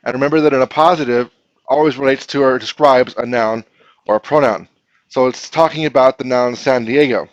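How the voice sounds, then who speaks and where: A man's voice: mid-range voice, fairly quick, no room sound, lo-fi sound. Patient male teacher in a classroom. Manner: patient, explains step by step, asks the class questions. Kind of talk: classroom grammar lesson.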